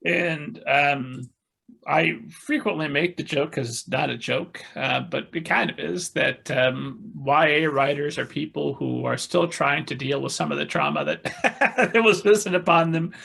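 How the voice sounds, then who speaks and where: Husky, gravelly man hosting a podcast. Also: on the high side, a little slow, a bit bright. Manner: hesitant, with fillers and restarts. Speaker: podcast host. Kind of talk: interview.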